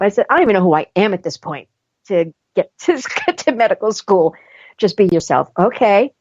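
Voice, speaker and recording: A woman's voice: mid-range voice, a little mellow, no echo, lo-fi sound. A woman host telling a personal story with animation, acting out dialogue and laughing often. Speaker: podcast host.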